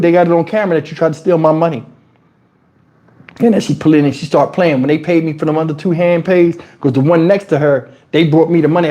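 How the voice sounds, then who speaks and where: A man from New Jersey telling casual stories on his livestream in crude street slang, animated and jumping into high, shouted tones as he retells them. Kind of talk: casual storytelling. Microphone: wireless lapel mic.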